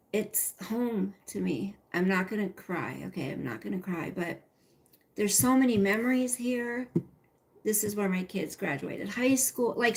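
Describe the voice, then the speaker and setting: A middle-aged woman hosting a casual livestream, rambling and chatty as she talks to viewers by name and reads their comments. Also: medium pitch. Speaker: livestream host.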